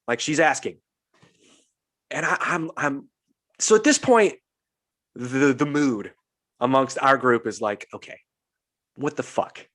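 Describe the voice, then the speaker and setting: Young guy on a podcast, animated storyteller, swears a lot, does the voices, normal pitch. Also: takes it slowly, long pauses. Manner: animated storyteller, swears freely, acts out quotes. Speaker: podcast host. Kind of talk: casual storytelling chat.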